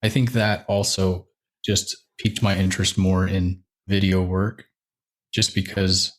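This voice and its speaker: A man's voice: sits low, little pitch movement, a little slow. A young man, a church media director, talking casually as a podcast guest, rambling with fillers and light laughs. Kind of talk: casual interview chat.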